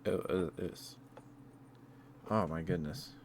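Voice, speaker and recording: A man's voice: sits low, slow, darkish tone, a little hiss or hum. A young man chatting as an ASMR streamer, rambling with frequent laughs and restarts. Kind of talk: soft-spoken ASMR live stream chat.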